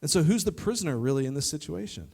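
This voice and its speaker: A man preaching a youth sermon to a live audience, lively and joking, talking straight to the crowd. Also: a little high, fast, vocal fry, husky. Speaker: youth pastor. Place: church youth service in front of an audience.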